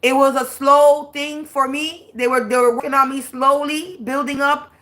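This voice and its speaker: A woman's voice: sits high, level tone, normal speed, fairly bright tone. A woman, a spiritual reader, ranting on a livestream in a blunt, profane and preachy way, drawing out words for emphasis. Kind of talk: livestream rant.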